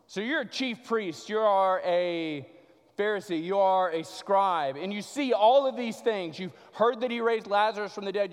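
A male pastor preaching with dramatic swings between loud climaxes and hushed lines. His voice sits somewhat high for a man. A long reverb hangs in the church hall. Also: clear, resonant tone. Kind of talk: sermon.

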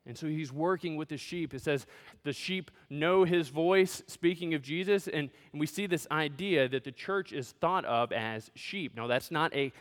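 A man's voice: on the high side, normal speed, long reverb tail. A man as pastor, preaching a sermon in a conversational, joking way, in a church sanctuary.

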